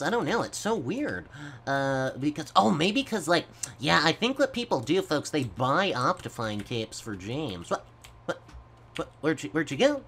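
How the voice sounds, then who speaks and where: A man doing goofy gameplay commentary, stammering and talking slowly to his viewers as folks. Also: fairly high pitch, a bit bright, slight background noise. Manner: slow, stammering, goofy, keeps addressing folks. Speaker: gaming YouTuber.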